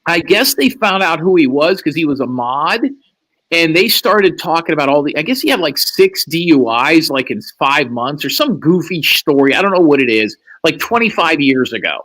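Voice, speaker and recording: Guesting on a live stream, this man delivers a long, curse-filled story and acts out others' lines in a raised voice. His voice is a little high and a bit bright, with lively intonation at a moderate pace, and the audio quality is poor.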